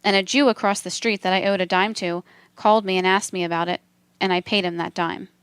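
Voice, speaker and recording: A woman reading a transcript aloud for a documentary in a measured, steady delivery. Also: medium pitch, clean tone, dry recording. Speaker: documentary reader.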